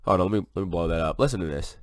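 Excitable man, very deep voice. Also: rapid-fire, no echo, studio quality. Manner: excitable, folksy, drawls "y'all". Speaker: online video host. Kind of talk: casual preaching vlog with screen share.

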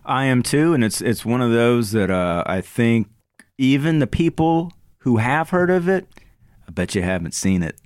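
A man's voice: mid-range voice, animated, moderate pace, darkish tone, dry recording, clean studio sound. A man hosting a casual movie podcast, chatty and joking, with plenty of filler words. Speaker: podcast host. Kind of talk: casual chat about movies.

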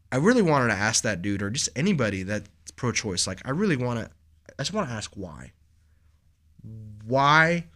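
Here a young man chats casually as a podcast co-host, rambling through stories and sprinkling in "like" and "bro" for his friend. His voice is lowish with a fairly bright tone.

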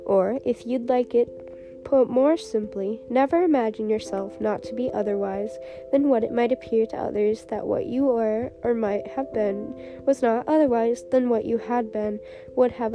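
A woman's voice: a little high, normal speed, natural voice. A woman reading a fawning duchess who finds a moral in everything, with music behind. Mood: moralizing. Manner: sententious, agreeable. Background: background music.

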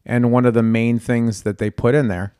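A man's voice: mid-range voice, flat delivery, normal speed, mellow, clean tone, dry recording, studio quality. A man from Central New York hosting a casual talk show, rambling and searching for words between laughs. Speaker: host. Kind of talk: casual chat.

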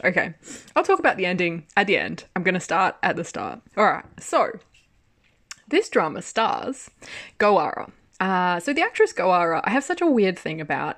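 A woman hosting a casual podcast from her home study. She talks excitedly, laughs often and swears casually. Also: mid-range voice. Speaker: podcast host.

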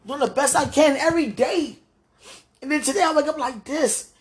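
A woman's voice: sits high, fairly quick. A woman praying aloud to God in a pleading, tearful way, her voice breaking and sometimes falling to a whisper. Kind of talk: emotional spoken prayer.

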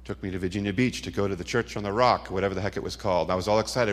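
A man's voice: low-pitched, fairly even intonation, rapid-fire, hardly any pauses. A middle-aged man giving a dramatic testimony sermon, telling stories with punchy asides. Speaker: Christian speaker. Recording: long hall reverb.

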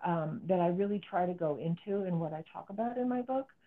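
A woman's voice: on the low side, expressive, a little fast. Therapist guest, middle-aged woman, earnest explanatory delivery, heard through a narrow phone-like line. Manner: earnest, explanatory, acts out quoted speech. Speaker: psychotherapist and author guest. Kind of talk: interview conversation.

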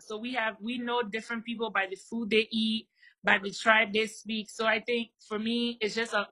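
A woman from Liberia talks through her culture as an interview guest. Her voice is bright and forward, and she explains with example after example. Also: mid-range voice, low-quality recording. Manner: animated storyteller, explains with examples. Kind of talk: conversational interview.

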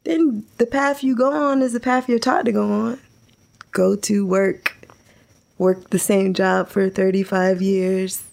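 A woman telling stories in casual chat, animated, laughing often and acting out what people said. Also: medium pitch, gravelly. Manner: animated storyteller, laughs a lot, acts out quotes.

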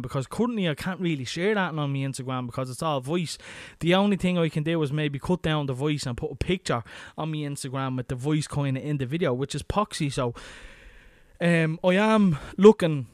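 A man's voice: fairly high pitch, no room sound, clean studio sound. An Irish man hosting a podcast, talking casually and crudely with lots of swearing. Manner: crude, swearing, chatty and matter-of-fact. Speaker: podcast host. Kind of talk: casual solo podcast monologue.

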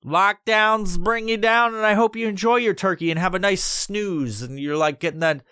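Man hosting a solo podcast, profane and rambling, smooth voice, dry close recording. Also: high voice, fairly quick, a bit bright, no room sound. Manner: profane, rambling, loose and jokey. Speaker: podcast host. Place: recording alone.

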